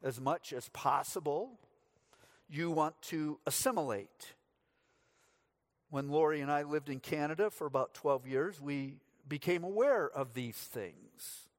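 A man's voice: a little high, measured pace. A middle-aged man from the United States, preaching a sermon as pastor, telling stories with dry humor.

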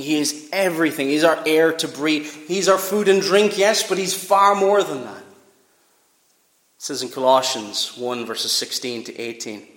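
A man's voice: fairly high pitch, measured pace, fairly bright tone. A man in his twenties preaching an earnest, emphatic sermon, his voice rising and falling in volume. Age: 20s. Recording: echoey church hall.

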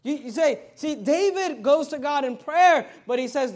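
High-voiced preaching pastor, emphatic. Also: male voice, animated, moderate pace, a little mellow. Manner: emphatic preaching with Bible quotations. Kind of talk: sermon.

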